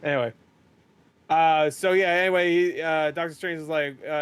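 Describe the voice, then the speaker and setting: A young man hosting a podcast, rambling and swearing as he recaps a movie and acts out the characters in quick paraphrase. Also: a little high, steady tone, a bit bright, clear, resonant tone. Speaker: podcast host.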